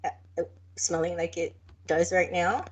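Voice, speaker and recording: A woman co-hosting a podcast, chatting casually and narrating a case in a halting, careful way. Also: on the low side, flat delivery, breathy edge. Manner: halting, careful, with many fillers. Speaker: podcast co-host. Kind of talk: casual chat and true-crime narration.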